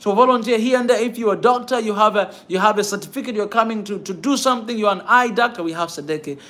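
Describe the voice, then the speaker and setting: Fervent high-voiced man rallying his viewers. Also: fast talker, fairly bright tone. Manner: fervent, repetitive, keeps saying "man". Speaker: host of a pan-African channel. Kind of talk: impassioned livestream talk to viewers.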